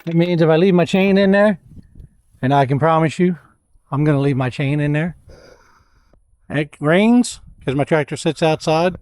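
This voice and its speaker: A man's voice: fairly high pitch, moderate pace, pauses often, darkish tone, clean tone, no room sound. A man, chatting folksily to viewers as he shows off his tractor setup outdoors. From Louisiana. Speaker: homestead vlogger. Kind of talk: casual product walkthrough.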